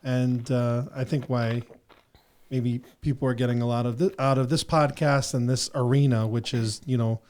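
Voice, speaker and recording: A male podcast host talks things through in an earnest, meandering way. He leans on fillers as he works toward his point, in a relaxed conversational tone. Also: mid-range voice, normal speed. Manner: earnest and rambling, with many "you know" fillers. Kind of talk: reflective casual conversation.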